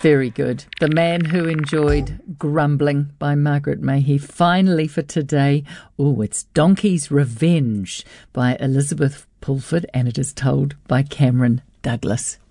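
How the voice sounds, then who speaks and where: A woman's voice: low voice, measured pace. A woman presenter cheerfully introducing the next story. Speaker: radio presenter. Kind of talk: introducing stories.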